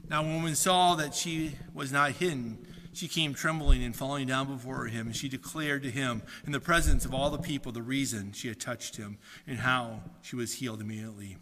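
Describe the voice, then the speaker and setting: A pastor giving a sermon, telling stories animatedly and acting out the people in them. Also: male voice, medium pitch, fairly quick, long reverb tail, slight background noise. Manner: animated storytelling, acting out quotes in raised voice.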